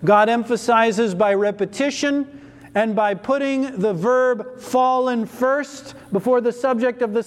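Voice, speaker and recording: A man preaching an expository sermon, who asks rhetorical questions and answers them himself with emphatic repetition. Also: extremely high pitch. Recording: long hall reverb.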